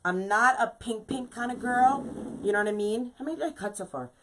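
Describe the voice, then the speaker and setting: Against a noisy background, a New York woman who owns a craft shop leads a casual live wreath-making tutorial. Her voice sits on the high side and moves a little fast as she chats with viewers, dropping in "you know" here and there.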